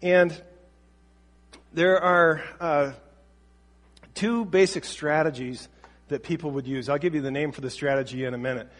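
A man's voice: on the high side, steady tone, a little slow, long pauses, fairly bright tone, long reverb tail. A man giving a casual talk on parenting, speaking conversationally and acting out bits of dialogue. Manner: conversational, acts out quoted dialogue. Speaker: parenting teacher.

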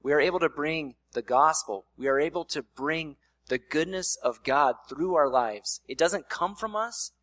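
A man's voice: on the high side, normal speed, few pauses, a bit bright, dry recording. A man preaching a sermon in a casual, conversational way, slipping in playful voiced asides. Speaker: pastor.

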